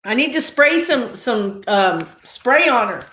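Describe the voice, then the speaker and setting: A woman hosting a joking live stream over a video call. Her high, bright voice bounces around, and the room behind her is echoey. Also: big pitch swings, a little slow. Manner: teasing, joking banter. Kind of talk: casual live-stream chat.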